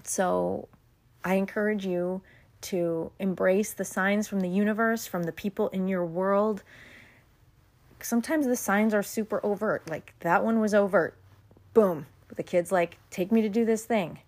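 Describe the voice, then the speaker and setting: A woman's voice: medium pitch, steady tone, a little slow, darkish tone. A mother hosting her own podcast, telling a personal story in a candid, chatty and reflective way. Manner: candid, chatty, self-deprecating. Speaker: podcast host. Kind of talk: casual reflective podcast monologue.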